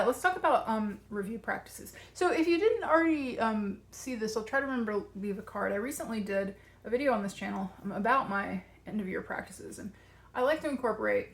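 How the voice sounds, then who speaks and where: A woman, out of breath, hosts her channel and explains a tarot practice in a chatty, rambling way. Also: on the high side. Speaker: tarot coach and channel host. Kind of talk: casual video walkthrough.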